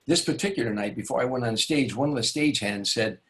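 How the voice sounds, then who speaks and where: A male comedian spins a show-business yarn for an interviewer. His voice sits in an ordinary middle pitch. He rambles and restarts, and slips into the voices of the people in the story. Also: fast talker, a bit bright. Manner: rambling, with many restarts and asides. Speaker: guest, stand-up comedian.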